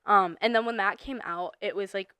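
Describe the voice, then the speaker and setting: A woman's voice: medium pitch, normal speed, sharp tone, clear, resonant tone, dry recording. A nineteen-year-old woman co-hosting a casual podcast, rambling with lots of fillers and bursts of emphasis. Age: young adult. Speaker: podcast co-host. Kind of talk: casual chat.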